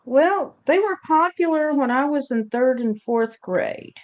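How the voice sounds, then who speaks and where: Slow-talking woman host, lo-fi. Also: high voice, lively intonation, a little mellow. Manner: chatty storyteller, unhurried. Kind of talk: casual chat. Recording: dull lo-fi sound.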